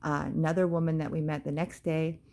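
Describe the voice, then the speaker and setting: Christian vlogger, woman, low voice, loose devotional storytelling full of fillers. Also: flat delivery, a little fast, vocal fry, dark tone. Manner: casual, hesitant, with many ums and praise exclamations.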